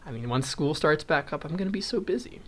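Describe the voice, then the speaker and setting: Talking fast with lively intonation, this young vlogger has a somewhat high, slightly bright voice. He chuckles a lot while crocheting, counting stitches aloud and wandering down tangents in a casual, rambling chat.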